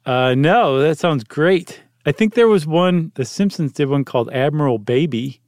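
A man's voice: fairly high pitch, animated, normal speed, darkish tone, no room sound, clean studio sound. Chatty joking male podcast co-host. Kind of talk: casual chat.

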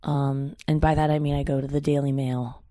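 Vlogger rambling and swearing a lot, mid-pitched, dry close recording. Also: level tone, a little fast, mellow, no room sound. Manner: rambling, profane, self-interrupting. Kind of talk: casual solo chat.

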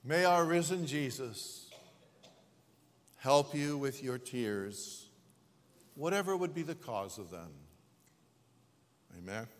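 A man preaching a sermon as pastor, speaking slowly and deliberately with dramatic pauses and swells. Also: medium pitch, animated, big-room sound.

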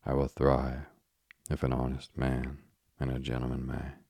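Man reading as a living scarecrow gentleman, stout and confident, very deep, gravelly. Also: completely flat delivery, unhurried, heavily acted.

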